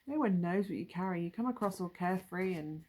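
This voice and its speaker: A woman's voice: fairly low pitch, a little fast, mellow. Musing woman reading tarot. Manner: musing, thinking aloud with trailing asides. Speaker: tarot reader. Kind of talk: casual tarot reading to camera.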